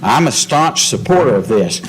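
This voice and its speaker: A man's voice: medium pitch, sing-song, moderate pace, rough recording. Insistent man warning a school board. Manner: insistent and warning, talks over interruptions. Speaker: public commenter. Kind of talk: public comment at a school board meeting.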